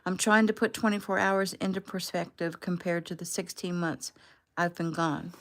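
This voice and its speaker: A low-voiced woman reading a tearful young woman, earnest and aching to see her parents, creaky at the edges of a deep voice, storybook dialogue read casually aloud. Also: level tone, moderate pace, lightly acted. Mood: emotional. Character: young woman rescued, emotional, yearning for home.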